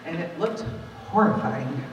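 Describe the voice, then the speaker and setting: A woman in her forties tells a true story live on stage in an animated, conversational way, her low voice moving a little slowly. Picked up from some distance, her voice echoes strongly through a large hall with a long reverb and a faint hiss beneath.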